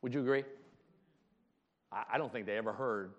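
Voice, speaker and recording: A man's voice: medium pitch, a little fast, dull audio. A man preaching a sermon as pastor, emphatic and full of rhetorical questions, laughing often between points. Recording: long hall reverb.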